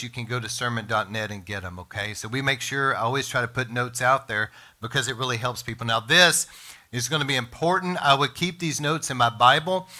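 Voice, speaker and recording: A man preaching a sermon as pastor, emphatic, slowing down to stress words and speaking straight to his congregation and listeners. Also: medium pitch, pushed and bright. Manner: addresses congregation and podcast listeners directly.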